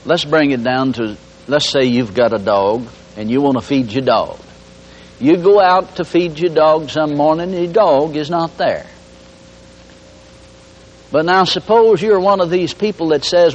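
A male preacher delivering a folksy, humorous sermon with a lively, swooping voice. He sits fairly high for a man and keeps repeating his points. The recording sounds dull and lo-fi. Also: normal speed. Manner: folksy and humorous, with lots of repetition.

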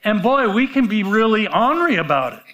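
A man's voice: high voice, big pitch swings, pushed and bright. A man preaching a sermon in a conversational way, asking the audience rhetorical questions and often restarting his words. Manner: halting restarts and repeated words.

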